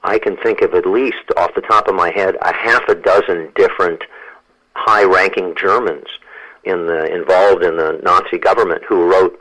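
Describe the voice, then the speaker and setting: A man's voice: deep voice, steady tone, normal speed, fairly bright tone, rough recording. A man in his sixties, a guest author and lawyer, talking emphatically in a radio interview and often repeating words as he goes.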